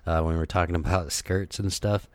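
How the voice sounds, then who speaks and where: A man with a very low voice chats casually as a podcast co-host. He rambles, leans on fillers, and laughs often. The recording is dry and close, with no room sound. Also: steady tone, fairly quick, dry recording.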